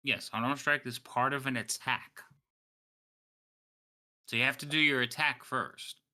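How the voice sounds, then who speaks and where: A man acting as game master in an online tabletop game, explaining rules quickly and laughing often. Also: mid-range voice, steady tone, pushed and bright.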